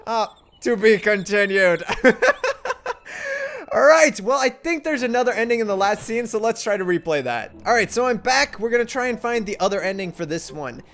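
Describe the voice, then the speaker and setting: A man's voice: extremely high pitch, moderate pace. A young man hosting a let's play, reacting animatedly and goofily, often laughing as he clicks through a game. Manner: animated and goofy, often laughing and doing silly voices for characters. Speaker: gaming video host.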